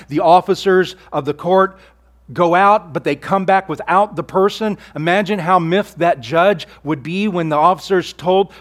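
Male pastor, sermon delivery, slightly high voice, earnest and conversational with hushed emphasis. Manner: earnest preaching, rhetorical questions, drops to near-whisper on key lines.

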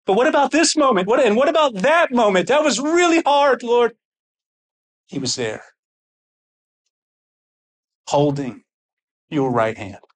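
A man preaching a sermon with fervent, excited intensity that sounds almost angry. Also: very high-pitched, measured pace, pauses often. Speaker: pastor.

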